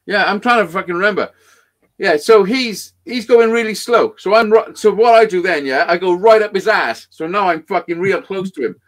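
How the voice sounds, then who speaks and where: As a podcast guest storyteller, this man has a high voice and keeps a moderate pace. His casual, rambling story is animated and heavily laced with swearing.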